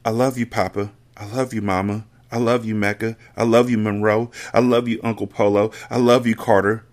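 A man voicing a desperate young woman who says a soft, whispered goodbye, read from a storybook. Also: lowish voice, flat delivery, brisk, natural voice. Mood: tender.

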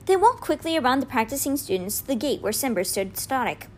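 Expressive woman reading a novel aloud. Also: sits high, a little fast, a little hiss or hum. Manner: expressive storyteller. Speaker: reader.

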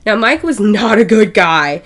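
Woman, podcast co-host, prepared narration, steady reading, mid pitch. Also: measured pace. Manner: steady, reads from notes.

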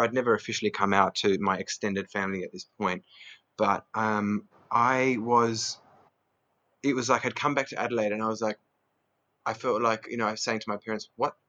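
A man in his thirties with a lowish voice, talking as an interview guest. He tells his story earnestly and rambles, leaning on "you know" and "like" and often laughing. The recording sounds dull and lo-fi. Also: fairly bright tone. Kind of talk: candid personal storytelling.

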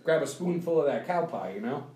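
A man's voice: on the high side, expressive, brisk, dark tone, far from the mic. Joking Minnesotan man, off-mic and echoey. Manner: joking, playful rants. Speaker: podcast co-host. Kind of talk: casual chat.

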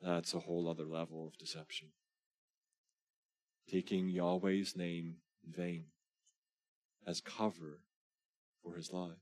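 A man with a low voice preaches a sermon. He presses his listeners with earnest questions and reads scripture with rising, dramatic emphasis. The sound is dry and close, with no room echo. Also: little pitch movement, a little slow, long pauses. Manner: earnest exhortation. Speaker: pastor.

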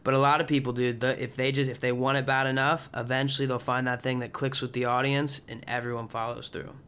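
A man's voice: mid-range voice, level tone, fast, a bit bright, a little hiss or hum. A young man hosting a podcast interview, upbeat and encouraging, calling his guest dude. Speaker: podcast host. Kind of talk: casual interview chat.

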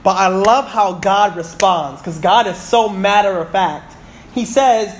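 A man in his thirties preaching a sermon in church, reading scripture slowly and calling out to the congregation. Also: high voice. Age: 30s. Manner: animated, reads scripture slowly and calls out to the congregation.

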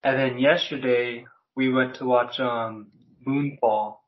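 A man's voice: medium pitch, steady tone, slow, highs cut off. A man as a podcast guest, chatting casually in a laid-back way, swearing and using many "like" fillers. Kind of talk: casual chat.

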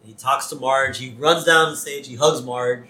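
A man's voice: medium pitch, fairly even intonation, bright, forceful tone, roomy sound. A man casually recapping a cartoon episode as a podcast co-host, acting out quotes as he goes. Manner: retells scenes with quick acted-out quotes.

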